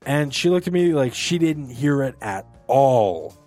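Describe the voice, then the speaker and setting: A man co-hosting a casual group podcast, telling stories in a lively, swearing, joking way. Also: medium pitch, a little slow, soft background music. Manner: animated, swears freely, tells stories with voiced asides. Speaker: podcast co-host.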